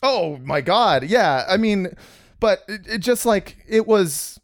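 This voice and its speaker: A man's voice: high-pitched, animated, takes it slowly, no echo, studio quality. A man co-hosting a casual comedy podcast, recapping a film in a rambling, profane way with many restarts.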